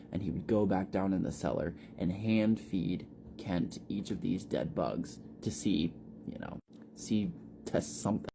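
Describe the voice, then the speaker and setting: A man casually recapping a story in a relaxed, conversational way. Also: sits low, a little hiss or hum.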